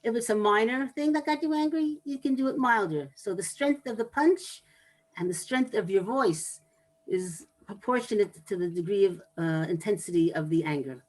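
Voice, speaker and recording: Woman lecturing at a measured pace. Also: mid-range voice, rough recording. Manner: measured, explanatory, with pauses and restarts. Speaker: lecturer on anger management. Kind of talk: talk to an audience.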